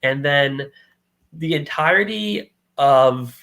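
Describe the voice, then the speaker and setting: A man's voice: fairly high pitch, animated, slow, fairly bright tone, low-quality recording. A man co-hosting a podcast, casually retelling a comic book plot and acting out the characters' lines. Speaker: podcast co-host.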